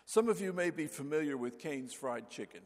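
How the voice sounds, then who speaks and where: An older man preaching a sermon as pastor, telling folksy stories and acting out the voices in them, with a gravelly voice. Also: on the high side, expressive, normal speed, a little mellow, big-room sound. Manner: folksy storyteller, acts out voices. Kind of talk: sermon with anecdotes. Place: church sanctuary.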